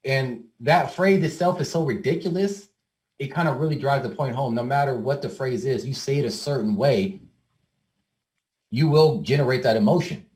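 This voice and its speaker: A man's voice: medium pitch, normal speed, a little mellow. A man giving a motivational talk to a group, addressing them directly in a casual, conversational way with the odd "um". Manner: conversational, addresses the audience directly, frequent "um" and repeats. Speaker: workshop speaker.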